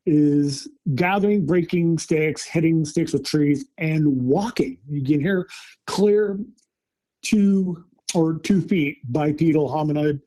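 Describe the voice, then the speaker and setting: A middle-aged man casually telling an excited story about a camping trip with his family. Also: on the high side. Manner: animated, excited retelling with acted quotes. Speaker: storyteller recounting a camping encounter.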